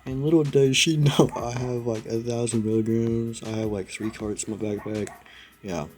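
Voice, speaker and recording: A man's voice: mid-range voice, steady tone, moderate pace, darkish tone. A young man telling a rambling story in a casual vlog, laughing often and saying "dude" a lot. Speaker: vlogger.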